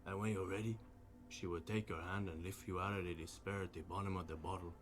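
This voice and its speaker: A man's voice: sits low, steady tone, quick pace. An actor voicing a mocking man who perches on the beams of a church and talks in a drawling, sardonic way. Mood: solemn.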